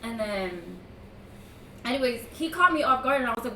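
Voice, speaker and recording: A woman with a somewhat high voice tells a story in a loose, chatty way, full of "like" and quick laughs. She sits back from the mic in an echoey room, with a faint hiss behind her. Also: animated, bright, forceful tone, distant mic. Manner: chatty, laughs often, peppered with "like". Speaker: streamer's girlfriend telling a story. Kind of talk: casual storytime chat. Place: room at home.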